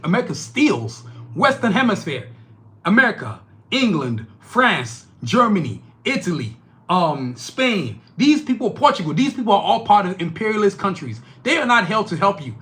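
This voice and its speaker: A man from Nigeria speaks in a high, bright voice that swings widely as he rants. He is indignant and blunt, swearing and hammering rhetorical questions in an unscripted opinion monologue. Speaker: political commentator.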